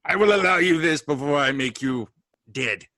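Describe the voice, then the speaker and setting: A man's voice: on the high side, expressive, moderate pace, sharp tone, no room sound. A man voicing a polite, menacing male snake with an old-timey English accent and mock-formal manner. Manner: mock-formal, courteous threats.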